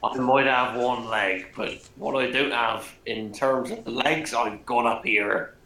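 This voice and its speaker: A man's voice: medium pitch, fairly even intonation, unhurried, sharp tone. A man playing in a tabletop game, bantering bluntly and jokily in character over a video call. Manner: blunt, jokey, a bit brash. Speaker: player. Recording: echoey room with faint background noise.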